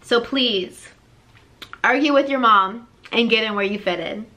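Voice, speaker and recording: In a bright, forceful voice on the higher side, a woman life coach talks straight to camera for her motivational vlog. Her pace is measured as she gives blunt tough love, energetic and repetitive.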